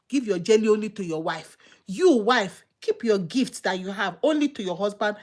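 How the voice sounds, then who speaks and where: A woman preaching a sermon, fired up and emphatic, firing off repeated rhetorical questions. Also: medium pitch.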